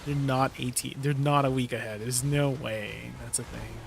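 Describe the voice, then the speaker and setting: A young man with a mid-range, steady, gravelly voice chats casually with viewers at a moderate pace while gaming on a livestream. He reads out their messages and riffs on them, easily amused, over a noisy background.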